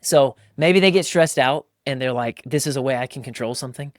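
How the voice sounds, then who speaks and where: Animated storytelling man, dry sound. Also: mid-range voice, fairly quick, dry recording. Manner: animated storytelling, acting out quotes, frequent "like" and "bro". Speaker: podcast host. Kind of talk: casual podcast chat.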